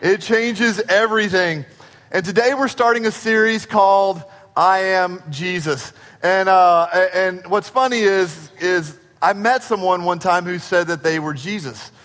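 Pastor, male, high voice, storytelling sermon delivery, long church reverb. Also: a little slow. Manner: storytelling, acts out dialogue with shifts in pace and loudness.

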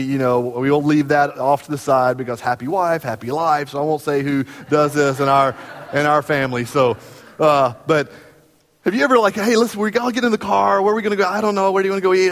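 A man preaching a sermon as pastor, talking conversationally and acting out everyday dialogue. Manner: conversational, acts out everyday dialogue with lively jumps in pitch. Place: church sanctuary. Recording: long hall reverb from the sanctuary.

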